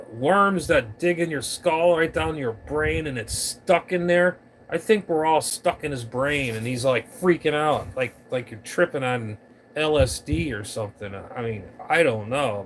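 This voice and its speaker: A man's voice: mid-range voice, a bit bright, a little hiss or hum. A man vlogging about ham radio, ranting to his camera on a tripod at home in a rambling way, stumbling over his words. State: allergies acting up. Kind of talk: casual rant to camera.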